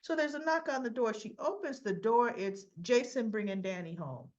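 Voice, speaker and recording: A woman giving a casual, chatty recap of a soap episode, addressing her viewers directly in an animated, gossipy way. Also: fairly high pitch, normal speed, lo-fi sound. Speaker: soap opera recap vlogger.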